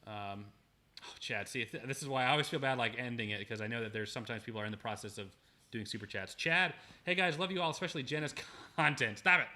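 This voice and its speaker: Young man, livestream host, quick pace, bright tense tone, thankful, stumbles and restarts. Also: mid-range voice. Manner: reads viewer messages aloud, grateful, frequent restarts. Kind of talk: casual livestream chat.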